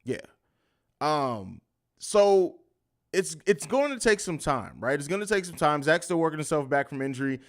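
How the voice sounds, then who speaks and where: A man's voice: fairly high pitch, big pitch swings, normal speed. A man hosting a live post-game sports podcast, reading chat comments and answering them in a combative, mocking, trash-talking way. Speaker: podcast host.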